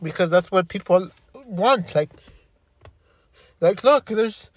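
A man in his fifties talking in an emotional monologue, halting and repeating himself, frustrated and upset. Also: high voice, expressive. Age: 50s.

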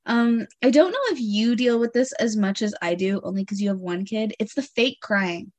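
Woman, 30s, casual co-host, animated storyteller who acts out her kids; dry close mic. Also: medium pitch, moderate pace, dry recording. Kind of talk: casual chat.

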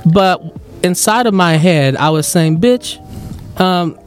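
A man with a Filipino accent tells a story on his podcast in an animated, chatty way, his voice sitting fairly high. He jumps into excited higher voices for the people he quotes. Faint music plays underneath. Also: a little slow. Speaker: podcast host. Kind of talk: casual storytelling chat.

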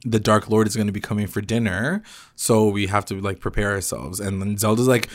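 A young man co-hosts a laid-back recap podcast, retelling scenes in slangy speech and quoting the characters as he goes. His voice sits a little low. It is recorded close and dry, with no room sound. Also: fairly even intonation, brisk, no echo. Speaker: podcast co-host. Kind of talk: casual recap chat.

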